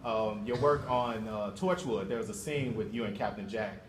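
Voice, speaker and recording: A man's voice: on the low side, normal speed. A man fan asking a question at a convention panel, hesitant and full of fillers. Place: large convention hall. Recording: echoey hall, distant mic, noisy.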